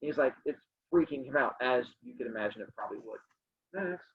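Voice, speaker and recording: A man's voice: mid-range voice, animated, fast talker. A male teacher reading a story aloud to his class over a video call, joking with the students between passages. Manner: playful, joking asides to students. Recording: dull lo-fi sound.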